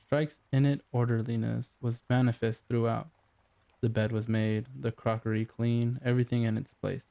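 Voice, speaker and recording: A man reading a novel aloud as an audiobook narrator, in a measured, even delivery. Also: medium pitch, vocal fry. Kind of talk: scripted narration.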